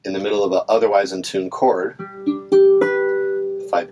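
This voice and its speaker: A man's voice: low-pitched, fairly even intonation, unhurried, over loud music. A man teaching ukulele in a casual, chatty way, talking through examples with fillers and asides. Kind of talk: casual instructional talk. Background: ukulele playing between phrases.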